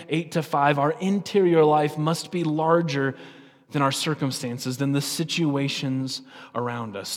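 A man's voice: a little high, long reverb tail. A man preaching a sermon as the pastor, in an earnest, conversational way, often checking in with the congregation.

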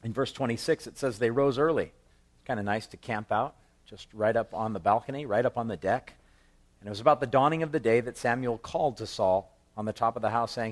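A man's voice: mid-range voice, a little fast. Guy teaching a bible passage verse by verse, chatty asides, little chuckles, acts out the quotes. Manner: quotes scripture with lively acted voices. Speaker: pastor.

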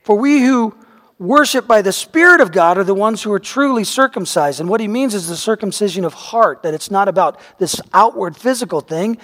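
High-voiced pastor in an echoing hall. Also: male voice, fairly quick. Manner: animated storyteller, voice rising and shouting at dramatic moments. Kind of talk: sermon with personal storytelling. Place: church sanctuary. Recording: long reverb of a large hall.

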